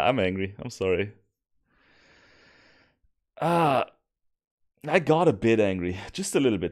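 A man commentating his own gameplay, cursing in frustration and swinging between loud outbursts and low muttering. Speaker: gaming streamer. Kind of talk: let's play commentary.

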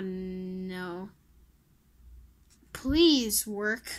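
A woman's voice: medium pitch, very slow, long pauses, fairly bright tone. A woman giving casual commentary while playing a mobile game, pleading with it and mocking herself in muttered asides.

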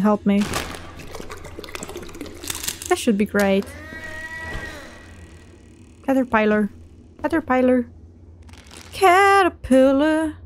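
A woman with a high voice narrates her game at a slow, drawn-out pace. She swears freely and talks back to what is on screen, loud and excitable. A faint background noise sits under her commentary. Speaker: gamer. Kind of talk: let's play commentary.

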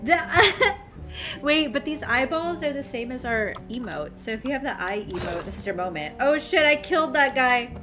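A woman's voice: high-pitched, expressive, normal speed, sharp tone. A woman streaming a game live, playful and giggly, exclaiming as she plays. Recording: game music behind voice.

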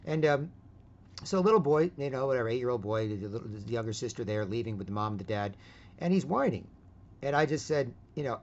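Hosting an online voice chat, this man talks fast in a lowish, animated voice. His rant is rambling and casual, with "right?" tacked onto line after line, and the recording sounds dull and lo-fi.

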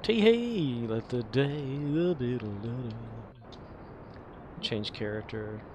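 A man's voice: medium pitch, slow, noisy background. A man chatting casually while streaming a game, mumbling and chuckling to himself.

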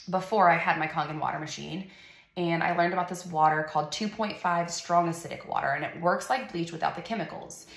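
A woman's voice: lowish voice, gravelly, fairly bright tone, echoey room. A young adult woman tells her family's story in a personal testimony vlog. She talks in an earnest, emotional way, with casual fillers. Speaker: mother sharing her story.

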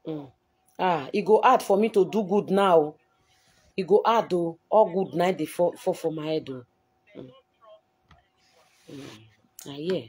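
Husky, slow-talking Nigerian Pidgin woman. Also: lowish voice, a little mellow. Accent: Nigerian Pidgin English. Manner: defensive, aggrieved, replying to viewers. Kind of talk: emotional live-stream talk.

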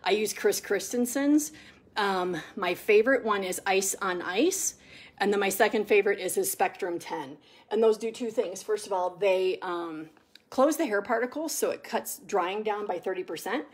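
A middle-aged woman chatting casually while grooming her dog, rambling with many ums and restarts and cooing soft asides to the dog. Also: mid-range voice, moderate pace.

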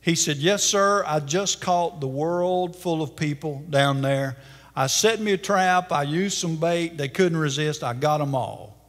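A man's voice: high voice, wildly swooping pitch, brisk, gravelly, hardly any pauses, slightly rough, voice pushed up, exaggerated voice. A man preaching a sermon, voicing a boastful male devil who gloats and taunts. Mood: gloating boastful. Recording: long church-hall reverb.

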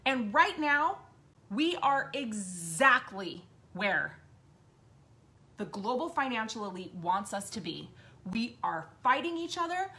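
A woman's voice: on the high side, very animated, takes it slowly, sharp tone. A woman host giving an impassioned, blunt monologue, swearing often and repeating points for emphasis. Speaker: podcast host.

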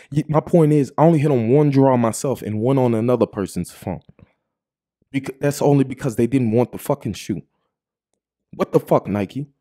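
A young man with a husky, mid-pitched voice vents on his own vlog. He swears in nearly every phrase and keeps hammering his point with repeated "bro" tags and the same phrases over and over. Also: dark tone. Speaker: vlog host. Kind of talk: profane ranting vlog.

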